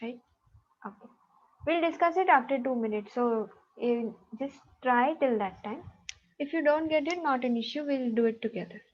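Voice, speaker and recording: A woman's voice: sits high, normal speed, highs cut off. A woman math teacher, patiently checking students' answers in an online class over a video call.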